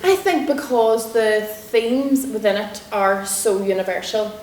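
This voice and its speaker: A Northern Irish woman with a Derry lilt tells stories as an interview guest, chatty and quick to laugh. Her voice carries in a roomy lecture room, with a faint hiss under it. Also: on the high side, a little mellow. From Northern Ireland. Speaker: guest comedian and actor. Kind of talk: storytelling interview answers. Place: lecture room in a university building.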